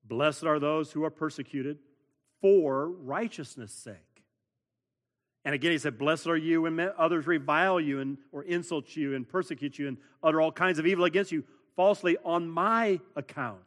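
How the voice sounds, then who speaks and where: A man preaches a sermon as a pastor, sounding earnest and a bit high in pitch at a normal speed. He stresses words by repeating them and builds toward louder emphasis, with a long hall reverb on the recording.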